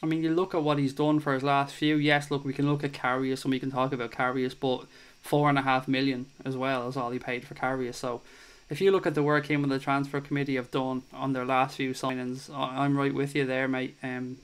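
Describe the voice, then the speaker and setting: A young man hosts a laid-back football chat show, reading viewer comments aloud and answering them with easy, sweary banter. His voice is smooth and resonant, sitting at an everyday middle pitch. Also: flat delivery, brisk. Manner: chatty and swears freely.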